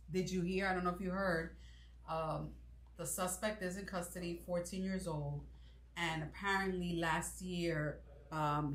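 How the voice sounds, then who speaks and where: A woman's voice: low voice, roomy sound. A woman co-hosting a casual livestreamed podcast, chatty and repeating her greetings to viewers. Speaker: podcast co-host. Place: Kissimmee, Florida.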